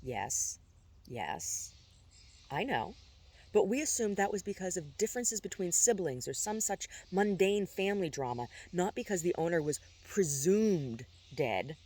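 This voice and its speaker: A man's voice: high-pitched, big pitch swings, unhurried, darkish tone, slightly rough, voice pushed up, full character voice. A man reading a story aloud and voicing a blunt, formal middle-aged man who speaks matter-of-factly. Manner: matter-of-fact, clipped.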